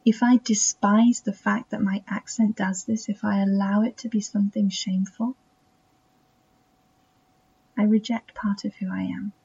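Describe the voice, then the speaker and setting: A woman podcast host with a self-taught English accent, speaking in a soft, reflective monologue that keeps slipping into near-whispers. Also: medium pitch, level tone, unhurried, creaky, slight background noise. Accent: self-taught English accent that drifts toward American. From England. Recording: dull, muffled recording.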